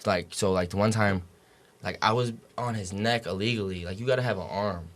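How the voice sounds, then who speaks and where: A man's voice: on the low side, fairly quick, slight background noise. A young man, a college basketball player as podcast guest, telling stories in rambling, slang-heavy speech full of swearing and fillers. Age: young adult. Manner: rambling slang, heavy swearing, many fillers like "you know what I'm saying". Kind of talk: casual interview chat.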